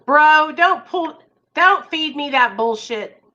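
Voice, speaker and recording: Woman host, high bright voice, blunt and caring in casual chat. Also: animated, slow pace, dull audio.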